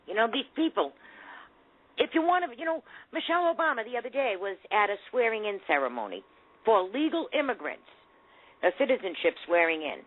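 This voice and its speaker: A woman's voice: on the high side, sing-song, a little fast. A woman hosting a talk radio show, giving indignant, sarcastic commentary. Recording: tinny phone-like audio.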